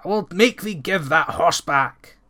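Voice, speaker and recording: A man's voice: fairly high pitch, animated, moderate pace, sharp tone. A man voicing a big, fearless young farmhand who speaks bluntly in old-fashioned thee and thou speech. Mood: fierce.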